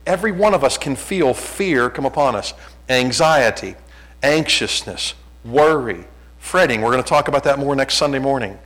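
A man's voice: mid-range voice, animated, moderate pace, fairly bright tone, low-quality recording. A middle-aged man preaching a sermon as a pastor, conversational and self-deprecating, often restarting his sentences.

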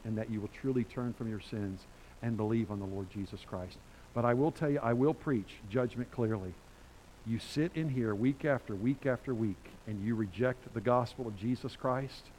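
A man preaches to his congregation in a conversational, emphatic way, breaking into loud bursts. His voice sits in a middle pitch. A faint hiss runs under the recording. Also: low-quality recording. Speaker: pastor. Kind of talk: sermon.

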